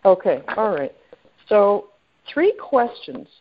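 A woman's voice: medium pitch, very animated, slow pace. A woman leading a sales training call, chatty and full of fillers, often checking in with her listeners. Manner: chatty, with many fillers and friendly questions to the group. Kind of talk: coaching talk on a conference call. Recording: tinny phone line.

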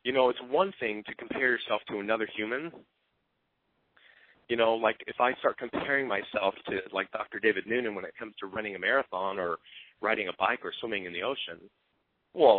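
A man's voice: fairly low pitch, no room sound. A man giving an earnest, openly emotional motivational talk as a team coach. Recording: tinny phone-line sound.

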